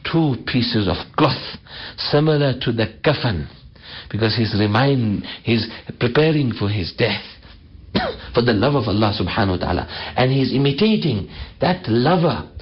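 A man's voice: mid-range voice, slightly rough. Male preacher chanting, slightly dull audio. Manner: slow, drawn-out chanting of Arabic phrases between quick explanations. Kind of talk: sermon.

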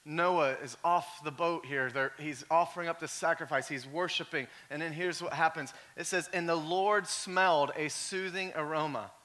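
A male pastor preaching a sermon in a conversational way, full of "like" fillers, moving from quiet storytelling up to shouting. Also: a little high, moderate pace, hardly any pauses.

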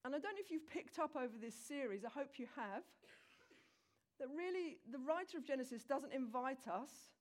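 Speaking to the congregation directly, a woman with a fairly high voice preaches, bringing a scripture story to life in a conversational, animated way.

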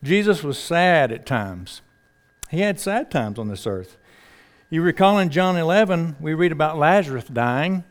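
A man's voice: a little high, animated, unhurried. A man preaching a sermon in a conversational, folksy way, asking the congregation rhetorical questions.

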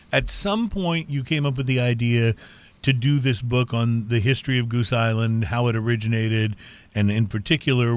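Upbeat male radio show host. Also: mid-range voice. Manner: upbeat, conversational, interviewing.

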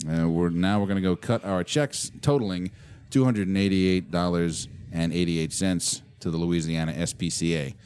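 A man's voice: sits low, moderate pace, darkish tone, clear, resonant tone. A man co-hosting a casual podcast, joking and swearing freely. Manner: profane, laughing banter. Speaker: podcast co-host.

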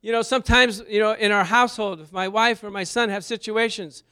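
A middle-aged man preaching a sermon, animated and jokey, asking the congregation questions and bursting into loud praise. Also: high voice, fairly quick, clean tone. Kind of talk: sermon teaching with slides.

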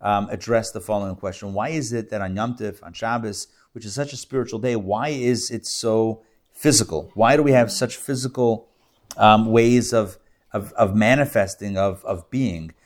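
A man's voice: fairly low pitch, normal speed. A rabbi, a man, teaching a live class to a group and telling a story with playful asides and jokes. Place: classroom with audience.

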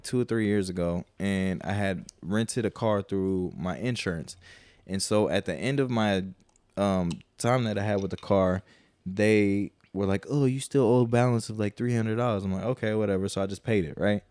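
A man's voice: fairly low pitch, normal speed, darkish tone, no echo. A man co-hosting a podcast, telling a long, profane story in a casual, rambling way and quoting people as he goes. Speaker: podcast co-host.

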